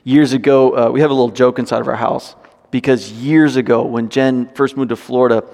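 A man preaching a sermon, reading scripture and breaking into animated, joking asides. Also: medium pitch, brisk. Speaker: pastor. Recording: long hall reverb.

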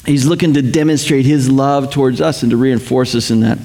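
A male pastor preaching a casual, conversational sermon, joking and animated. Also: mid-range voice, a little fast, slight background noise. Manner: joking, animated, chuckles between points.

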